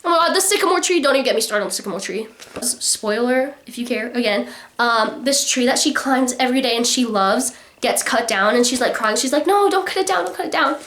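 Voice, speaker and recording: Young female book vlogger, chatty rant, higher voice, lots of fillers. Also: brisk, a bit bright. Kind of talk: casual ranting book reviews.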